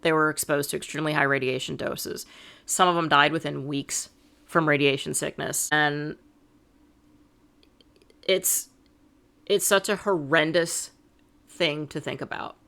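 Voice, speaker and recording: A woman's voice: deep voice, fairly even intonation, a little slow, gravelly, pauses often, a bit bright. A middle-aged woman co-hosting a podcast, explaining events step by step with a sarcastic edge. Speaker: podcast co-host. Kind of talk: casual podcast chat.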